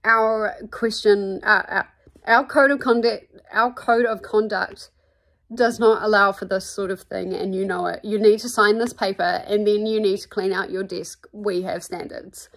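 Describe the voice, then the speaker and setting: A woman's voice: mid-range voice, steady tone, unhurried, vocal fry, fairly bright tone. A woman with a New Zealand accent reading the lines of a snooty, officious female receptionist. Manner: prim, officious.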